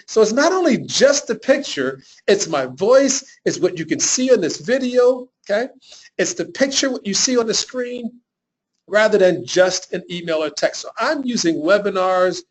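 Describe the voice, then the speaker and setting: A man's voice: sits high, low-quality recording. A man hosting a live webinar on running a home business, talking with energy to his viewers, often repeating himself and asking them to type answers in the chat. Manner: energetic, repetitive, addresses chat viewers directly. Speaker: webinar host.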